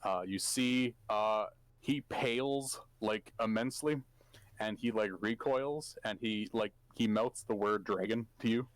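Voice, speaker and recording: Low, dry male game master; halting narration, plenty of fillers. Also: no room sound. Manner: hesitant, full of fillers.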